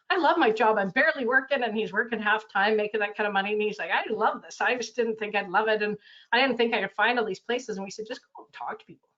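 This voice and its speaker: A woman's voice: medium pitch, a bit bright, dull audio. A woman coach, talking casually on a video call and acting out quotes, with lots of fillers. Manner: chatty, loose, full of fillers, acts out quotes. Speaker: consultant and coach. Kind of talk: casual webinar talk.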